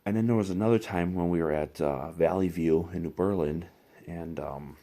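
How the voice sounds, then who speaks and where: Speaking at a normal pace in a deep, mellow voice, a vlogger tells loose personal stories and keeps repeating himself and starting over, recorded in an echoey room.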